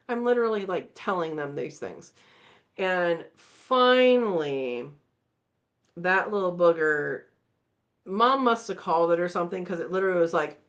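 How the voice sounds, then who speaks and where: A woman hosting a live chat, telling a story in a casual, animated way and acting out the voices. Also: on the low side, moderate pace, dull audio. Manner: animated, acts out voices in her stories. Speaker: channel host.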